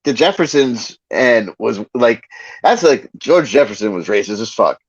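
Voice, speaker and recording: Lively, rambling podcast guy. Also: medium pitch, moderate pace, husky, no room sound, muffled recording. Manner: rambling with frequent laughs. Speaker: podcast co-host. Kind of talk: casual chat.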